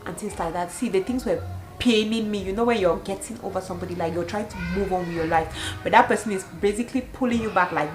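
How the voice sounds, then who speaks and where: A young woman from Cameroon in her twenties, telling a storytime vlog with animated storytelling and bursts of laughter. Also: medium pitch, quick pace, music in the background, poor audio. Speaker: vlogger.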